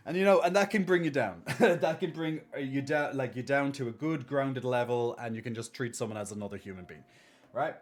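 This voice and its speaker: A man's voice: medium pitch, brisk. A man live-streaming, chatting casually and reassuring viewers as he reads their messages and thanks subscribers.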